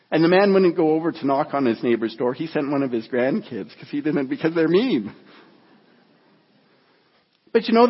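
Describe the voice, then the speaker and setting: A man preaching a sermon through a story in an earnest, halting way with many restarts, then reading scripture, recorded dull and echoey in a church hall. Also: a little high, slightly rough.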